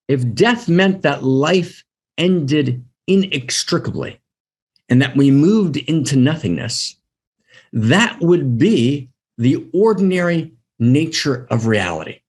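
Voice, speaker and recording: A man's voice: fairly high pitch, sing-song, slow, a little mellow, husky. A man giving a spiritual teaching talk on an online broadcast, impassioned, repeating phrases and often asking "right?".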